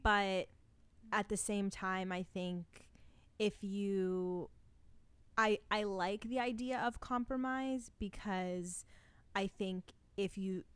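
A young woman co-hosts a podcast in a loose, chatty way full of little fillers. Her voice is smooth and clear. The sound is dry and close. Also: medium pitch, steady tone, takes it slowly, no room sound. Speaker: podcast co-host. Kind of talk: casual chat.

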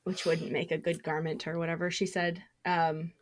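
A woman's voice: fairly low pitch, flat delivery, a little hiss or hum. A woman co-hosting a podcast, chatting casually in an emphatic, playful way. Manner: emphatic, playful, quick to laugh. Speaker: podcast co-host. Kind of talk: casual fan discussion.

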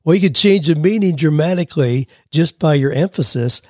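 A man with a voice on the high side hosts a career podcast, talking briskly with hardly any pauses and peppering his speech with "you know" and "well." In this casual chat he plays with how emphasis changes meaning. The recording is dry and studio quality.

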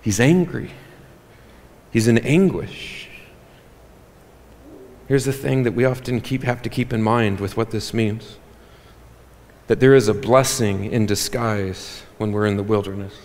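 A man preaching a sermon as pastor, animated and joking with the congregation. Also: lowish voice, measured pace, pauses often. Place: church hall. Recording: reverberant church hall.

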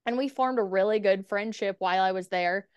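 A woman's voice: medium pitch, brisk, clear, resonant tone, no room sound, lo-fi sound. A woman guest on a podcast telling stories in a casual, candid way, swearing freely and acting out conversations. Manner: candid, swears freely, quotes herself and others in dialogue. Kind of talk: casual storytelling interview.

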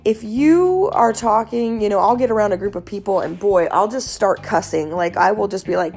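A woman giving casual wellness advice in an earnest, animated, chatty way, with many fillers. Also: medium pitch, normal speed, hardly any pauses. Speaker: wellness speaker.

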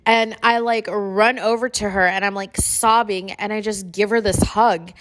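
A woman's voice: mid-range voice, steady tone, normal speed, fairly bright tone. A woman in her thirties hosting a podcast, telling a personal story in a casual, chatty way, filling her talk with "like". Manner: chatty, says "like" a lot, emotional retelling. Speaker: podcast host.

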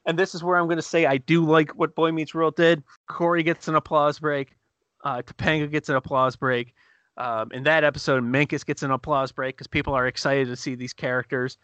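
Bright, eager man chatting. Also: fairly high pitch, no echo. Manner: excited, chatty retelling with laughs and restarts. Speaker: podcast co-host reviewing TV episodes. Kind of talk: casual chat.

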